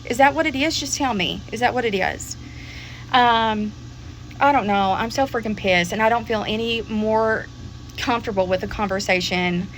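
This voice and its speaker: A woman's voice: a little high, moderate pace, a little hiss or hum, rough recording. A woman venting to camera in an exasperated way, often repeating herself and swearing mildly.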